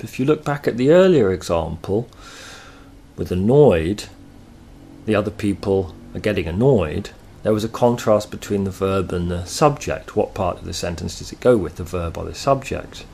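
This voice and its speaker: A man teaching a grammar lesson, explaining slowly and patiently with thoughtful pauses. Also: deep voice, expressive, creaky, a little mellow, a little hiss or hum.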